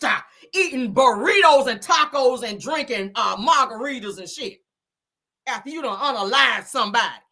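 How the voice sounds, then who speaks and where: Woman, fired-up profane rant, lively swooping pitch, higher voice, show host. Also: normal speed. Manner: heated, profane, emphatic ranting. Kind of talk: casual gossip commentary.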